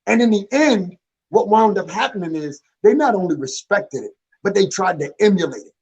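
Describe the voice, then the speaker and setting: Rapper guy w a high gravelly voice, fired up, slangy, stumbles over repeats. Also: animated, normal speed, a little mellow, rough recording. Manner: emphatic, streetwise slang, repeats words when fired up. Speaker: rapper and producer, guest. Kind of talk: casual podcast interview.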